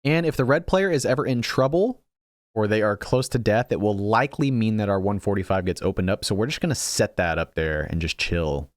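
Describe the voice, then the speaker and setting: Fairly low in pitch and expressive, a young gaming channel host speaks a little fast while casually commentating his strategy game. He thinks aloud, pokes fun at his misplays and restarts frequently. The recording has no room sound and clean studio quality.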